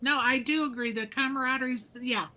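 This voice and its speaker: A woman's voice: sits high, fairly even intonation, a little fast, a loud crowd. A woman chatting casually and responding supportively to her friends. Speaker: poker stream co-host. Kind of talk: casual chat.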